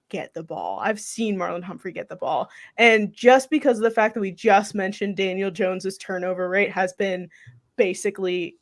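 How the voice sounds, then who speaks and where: A woman co-hosting a casual podcast, talking fast with lots of "like" and sounding nervous about the matchup. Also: mid-range voice. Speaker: podcast co-host.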